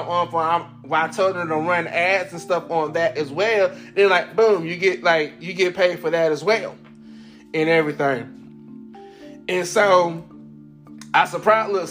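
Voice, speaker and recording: A man's voice: high voice, fairly bright tone. A man hosting his own podcast, telling a story casually and animatedly, laughing often and acting out the people he quotes, a little congested. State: congested from sinuses. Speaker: podcast host.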